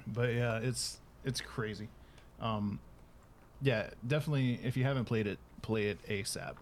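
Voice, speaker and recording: A man's voice: lowish voice, moderate pace, a little hiss or hum. A man co-hosting a casual podcast, laid-back and teasing. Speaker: podcast co-host. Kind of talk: casual chat.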